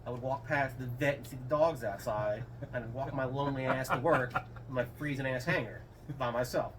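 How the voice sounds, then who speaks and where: A middle-aged retired Air Force man, a guest in a casual interview, rambles through stories and raises his voice when animatedly quoting people. He has a medium-pitched, brisk voice. The mic is slightly distant, with faint room noise.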